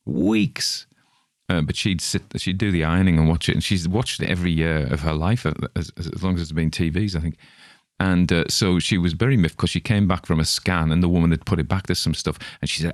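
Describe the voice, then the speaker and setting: Middle-aged guy with a super low voice, rambly casual chat, dry close sound. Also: no room sound. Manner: rambling, chatty, with restarts. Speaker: podcast host.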